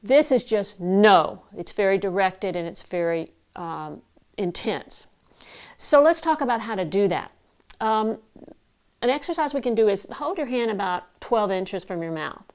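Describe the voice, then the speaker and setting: A middle-aged woman voice coach giving a measured, clear lesson to camera, explaining ideas with vivid analogies. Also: mid-range voice, animated, darkish tone. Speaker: broadcast voice coach. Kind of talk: instructional talk to camera.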